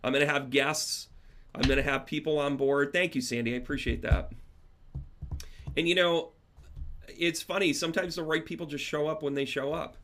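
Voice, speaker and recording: A man's voice: fairly high pitch, fairly even intonation, normal speed, pauses often, fairly bright tone, a little hiss or hum. A man working as a spiritual medium, chatting casually and rambling to his viewers on a livestream. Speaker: spiritual medium and tarot teacher.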